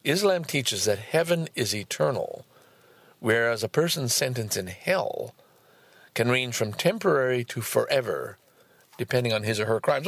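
A man reading a book aloud and commenting on it, breaking into exasperated, swearing outbursts between calm passages. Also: medium pitch, normal speed, gravelly, no echo. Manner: swears often.

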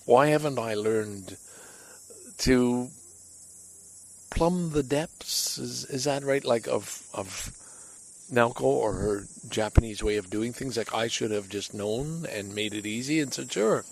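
A man speaks in a relaxed personal monologue from the deck of his home. His voice is gravelly with a noticeable fry at the bottom, and his pitch sits in an ordinary middle range. He rambles candidly and is hard on himself. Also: takes it slowly, poor audio. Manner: candid, self-critical, rambling.

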